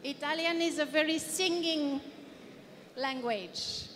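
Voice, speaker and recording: A French woman with a French accent gives a playful, interactive guest lecture in a conference hall, quizzing her audience. Her voice is high, slow, and fairly bright. The hall is reverberant, with a little hiss or hum.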